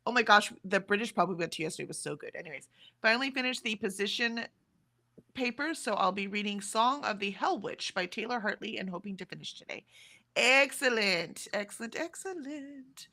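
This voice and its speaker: A woman's voice: mid-range voice, lively intonation, fast talker, bright, forceful tone. A woman, chatting casually on a livestream and reading viewers' comments aloud. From Texas, USA. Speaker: livestream co-host. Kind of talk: casual chat reading out live chat.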